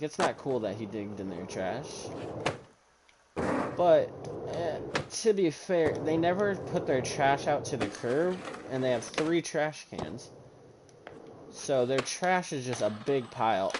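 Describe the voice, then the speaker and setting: A young man casually telling a story, animated and profane, acting out the lines of the people in it. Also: mid-range voice, moderate pace, background noise. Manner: casual, profane, animated retelling with quoted dialogue.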